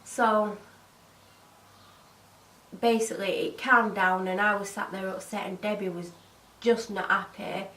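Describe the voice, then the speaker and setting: A woman's voice: medium pitch, a little slow, long pauses, roomy sound, recorded from a distance, rough recording. A woman casually telling a story about her old job, acting out what each person said. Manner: animated retelling, voicing other people's lines. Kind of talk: casual story-time monologue.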